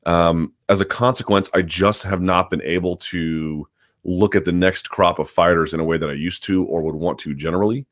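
A man hosting a live chat about a combat sport, reading viewer questions aloud and answering at length with many ums and restarts. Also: low voice. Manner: talks quickly and hedges, lots of ums and restarts. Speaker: host.

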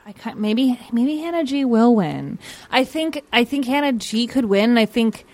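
A woman's voice: on the high side, lively intonation, normal speed, a little mellow. A woman chatting casually as a podcast guest, opinionated and joking. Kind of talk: casual chat.

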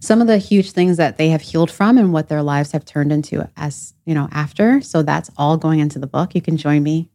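Woman, 30s, low-pitched, sincere heartfelt podcast guest. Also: fairly quick, few pauses, mellow. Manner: earnest and heartfelt. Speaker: podcast guest, ancestral healer. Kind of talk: casual podcast conversation.

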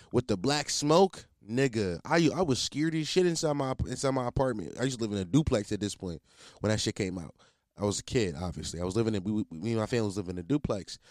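A young man rambles through a solo podcast, slangy, profane and quick to laugh at himself. His voice sits at an everyday middle pitch. The sound is dry and close, with no room around it. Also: darkish tone, no echo. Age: 20s. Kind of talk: casual solo podcast monologue.

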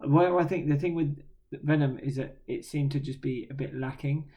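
A man's voice: on the high side, moderate pace, warm tone. A man, co-hosting a podcast in laid-back casual chat, swearing now and then. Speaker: podcast co-host.

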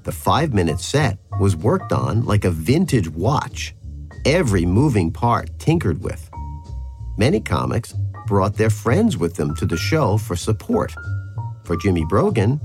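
Male documentary host, low, expressive narration over faint music. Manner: measured narration. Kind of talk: scripted narration and interviewing.

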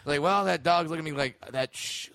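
A male comedian joking about himself in casual, profane chat, quick to get excited. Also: fairly high pitch, vocal fry, dry recording, studio quality. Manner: excitable, self-mocking, profane.

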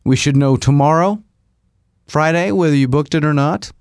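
A man's voice: moderate pace, a little mellow, smooth, no room sound, studio quality. A man hosting his own podcast, rambling through a casual monologue with self-mocking asides. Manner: rambling, self-mocking, mimics agency people in a higher voice. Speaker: podcast host.

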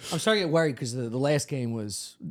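A man co-hosting a podcast, trading quick, teasing banter in casual chat. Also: mid-range voice, expressive. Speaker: podcast co-host.

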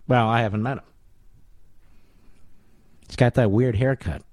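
A man hosting a talk radio show, delivering a combative, sarcastic monologue full of mocking rhetorical questions, his voice rising high in indignation. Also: steady tone, a little slow, pauses often, no echo. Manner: voice climbs high and loud in indignation.

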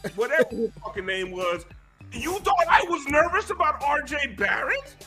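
A man hosting a sports podcast, ranting loudly and mockingly, with lots of swearing and shouting. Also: extremely high pitch, normal speed, music in the background. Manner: animated, profane, mocking, shouting. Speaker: podcast host. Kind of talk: loud ranting sports talk. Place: recorded with a group of co-hosts.

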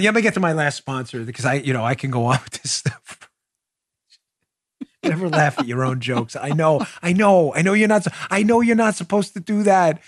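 A middle-aged man hosting a podcast, giving mocking, animated political commentary with loud outbursts. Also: high voice. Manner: mocking, loud outbursts, mock-theatrical recitation. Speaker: podcast host.

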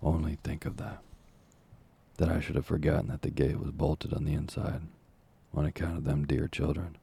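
A man's voice: rumbling low, flat delivery, normal speed, creaky, dark tone, breathy edge, full character voice. A man voicing a fawning, scheming woman who runs an orphans' home, gushing and falsely humble. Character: fawning scheming older woman, a workhouse nurse.

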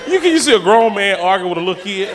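A man doing a stand-up comedy routine, telling slangy, animated stories and acting out the characters. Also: sits high, fast talker. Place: comedy stage before a live audience. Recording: live club hall with crowd noise. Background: audience laughter.

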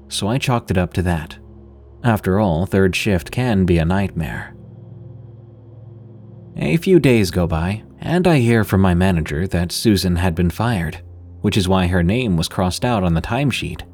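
Low-voiced guy narrating a creepy story podcast, calm and even, faint music behind. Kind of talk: scripted first-person story narration.

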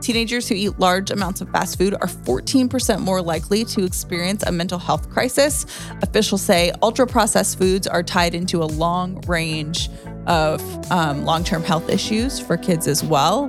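A woman's voice: on the low side, moderate pace, soft background music. A woman co-hosting a podcast in casual chat, talkative with frequent fillers, who also reads short news items. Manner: chatty, lots of fillers. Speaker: podcast co-host.

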